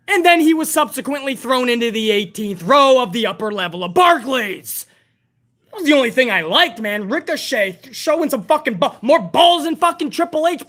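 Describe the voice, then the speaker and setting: Hosting a live wrestling review stream, a woman rants bluntly and heatedly, dropping plenty of profanity. Her voice sits high and sounds a bit bright.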